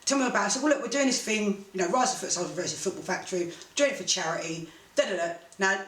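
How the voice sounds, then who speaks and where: A woman, a boxing promoter telling animated stories as an interview guest. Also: mid-range voice, racing. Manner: animated, laughing storyteller. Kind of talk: casual storytelling interview. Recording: echoey room, mic at a distance, faint noise.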